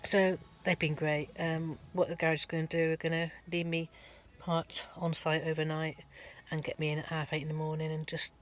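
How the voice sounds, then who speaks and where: A woman's voice: sits low, little pitch movement, normal speed, few pauses. A middle-aged woman, giving a rambling, chatty vlog update from her van at a garage, full of ums and restarts. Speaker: van life vlogger.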